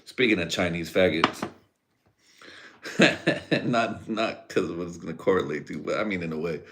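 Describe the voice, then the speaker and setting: A man's voice: deep voice, moderate pace, long pauses, a bit bright, a little hiss or hum. A man from Central California hosting a live stream, rambling through a profane casual rant with crude jokes and frequent laughter.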